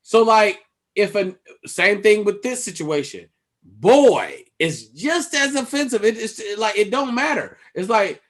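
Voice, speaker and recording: A man co-hosting a comedy podcast in casual chat, acting out quotes in loud voices. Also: sits high, very animated, unhurried, rough recording. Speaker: podcast co-host.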